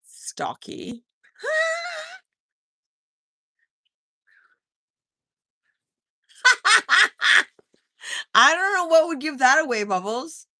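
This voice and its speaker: Lively bright-voiced woman livestream host. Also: extremely high pitch, extremely slow, long pauses, no room sound, studio quality. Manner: chatty, teasing, laughs often, sings snippets. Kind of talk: casual live chat reading comments.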